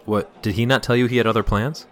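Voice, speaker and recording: An actor playing an easygoing, friendly burger blogger in a comedy audio drama. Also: male voice, medium pitch, fairly even intonation, quick pace, lightly acted.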